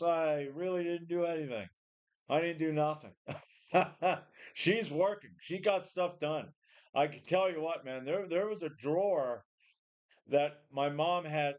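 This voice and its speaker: Run-down guy ranting to camera, swears a lot, keeps restarting, kinda high pitched. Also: smooth. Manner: rambling, profane, repeats and restarts. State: tired, run down. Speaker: home gym vlogger. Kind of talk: casual rant to camera.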